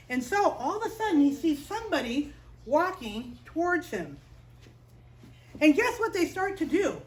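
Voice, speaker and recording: A woman teaching children's chapel, telling a Bible story in an expressive, playful way and asking the kids questions. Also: high voice, moderate pace, low-quality recording.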